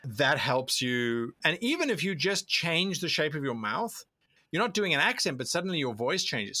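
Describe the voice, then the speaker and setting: Animated bright-voiced man explaining eagerly. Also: a little high, moderate pace, dry recording, clean studio sound. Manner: animated, explanatory, acts out quoted thoughts. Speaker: guest, tabletop role-play video creator. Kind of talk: conversational interview answers.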